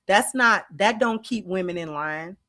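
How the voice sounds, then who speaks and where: A middle-aged woman, hosting a casual livestream and talking straight to her viewers in an animated, drawling way. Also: medium pitch, a little slow. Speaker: channel host.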